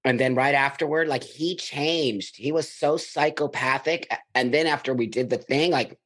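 A man's voice: mid-range voice, moderate pace. Emphatic middle-aged man telling his story. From United States. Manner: emphatic, blunt, animated in retelling. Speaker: podcast guest. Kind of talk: candid conversational storytelling.

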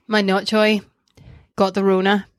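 A woman's voice: medium pitch, completely flat delivery, unhurried, no echo. Young woman, podcast co-host, chatty and self-mocking, dry close sound. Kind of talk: casual chat.

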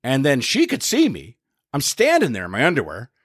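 A middle-aged man hosting a podcast, telling stories in a wry, profane, animated way. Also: medium pitch, brisk, slightly rough, dry recording, clean studio sound. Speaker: podcast host and comedian. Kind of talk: casual storytelling chat.

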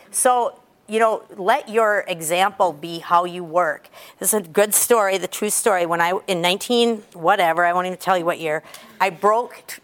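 A woman's voice: lowish voice, fairly bright tone. A woman in her fifties, a cheer coach, giving a chatty talk to a group of athletes and telling stories with sudden bursts of emphasis. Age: 50s.

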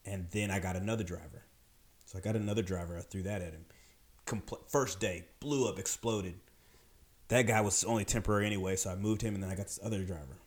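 A man telling a story in a casual, animated way, with emphatic delivery and quick voices for the people he quotes. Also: low-pitched. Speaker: podcast storyteller.

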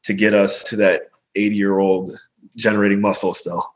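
Easygoing lower-voiced male podcast host. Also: steady tone, measured pace, poor audio. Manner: easygoing, laughs often, many "like" fillers. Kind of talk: casual podcast interview.

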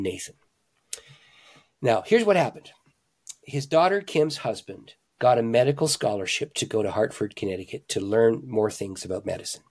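A man, a pastor and author, telling stories in an interview with animated emphasis, swinging between loud, excited lines and hushed ones. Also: mid-range voice. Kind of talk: conversational storytelling.

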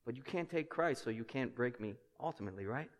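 A man preaching a sermon as pastor, emphatic, dropping to a hush and then rising loud, with rhetorical questions to the congregation. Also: medium pitch, animated, quick pace. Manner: emphatic, swings between hushed and loud. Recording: reverberant church hall.

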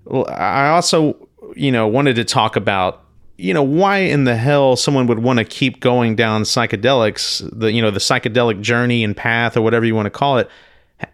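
A man hosting a personal storytelling podcast, talking in a halting, earnest way with many restarts and repeated words. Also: medium pitch, smooth, no echo, clean studio sound. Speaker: podcast host.

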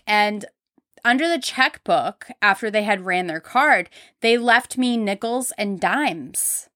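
A woman's voice: medium pitch, fairly bright tone, no room sound, clean studio sound. A young woman hosting a podcast, casually telling candid stories with lots of filler words. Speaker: podcast host. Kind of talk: casual storytelling.

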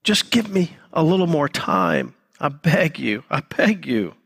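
A man voicing a desperate servant who begs for more time, pleading in a soft, partly whispered voice. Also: on the high side, sing-song, measured pace, creaky, breathy edge, big-room sound, heavily acted. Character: desperate servant begging on his knees.

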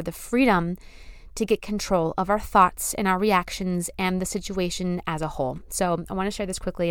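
A young woman talks through her podcast in a casual, heartfelt flow, repeating phrases to drive each point home. Her voice is smooth and clear, sitting at an ordinary middle pitch. The sound is close and dry, with no room around it. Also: a bit bright, no room sound. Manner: earnest, effusive, repeats phrases for emphasis. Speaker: podcast host. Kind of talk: casual spiritual podcast monologue.

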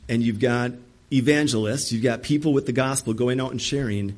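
A man's voice: medium pitch, normal speed, darkish tone. A man preaching an emphatic sermon, acting out the voices he quotes. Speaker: pastor.

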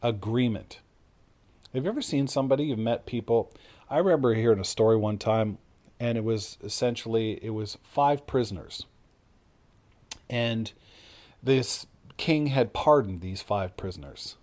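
A middle-aged man teaches from the Bible in an informal, sermon-like way. His pitch sits in the middle range. He tells his story casually, acting out the quoted lines and often stopping to restart a phrase. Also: moderate pace, darkish tone.

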